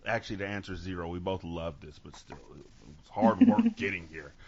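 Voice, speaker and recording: A man from Sacramento hosting a podcast, telling stories with lively acted-out quotes and casual swearing, on dull lo-fi audio. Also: deep voice, brisk, vocal fry, slight background noise. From Sacramento, California. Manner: animated storytelling, acts out quotes, swears freely. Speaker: podcast host. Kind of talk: casual chat.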